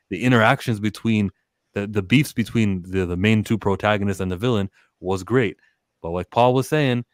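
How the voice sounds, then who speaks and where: Man, low voice, dry close mic, lively podcast guest who acts out quotes. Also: dry recording. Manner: animated, acts out quotes from scenes. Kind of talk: casual movie discussion.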